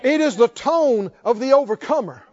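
A male pastor preaching a sermon, slow and emphatic, rising to fervent calls to his congregation. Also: very high-pitched, lively intonation, darkish tone, muffled recording.

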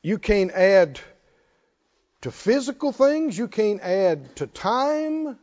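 A man preaches a sermon in a very high voice that swings widely in pitch. He works through rhetorical questions and joking asides, and pushes the congregation to call back. The recording is dull and lo-fi. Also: big pitch swings, slow, darkish tone.

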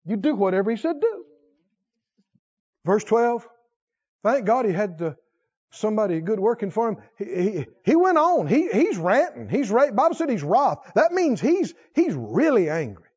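Animated high-voiced male preacher. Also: moderate pace, breathy edge, dull audio. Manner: animated, questioning the crowd, laughing now and then. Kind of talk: sermon.

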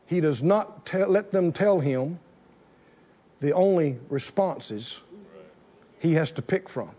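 A man preaching a sermon to a congregation, animated and repeating phrases for emphasis. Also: on the high side, slow, lo-fi sound. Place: church in front of a congregation.

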